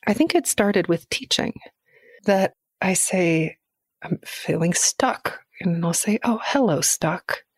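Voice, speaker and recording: A woman's voice: mid-range voice, a little mellow, no echo, studio quality. A middle-aged woman speaking candidly and earnestly as a podcast guest, laughing easily as she reflects. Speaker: guest poet.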